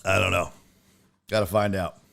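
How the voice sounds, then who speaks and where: A low, gravelly male voice comes through over background noise at a moderate pace. He's a sports talk show host on a casual livestream, cursing heavily as he tells stories, goes on animated rants, and answers the chat.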